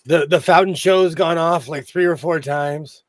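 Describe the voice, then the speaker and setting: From his home sewing room, a chatty, frequently laughing man with what sounds like a Minnesota accent tells stories during a casual sewing-channel livestream. He has a fairly high pitch and a measured pace, recorded dry.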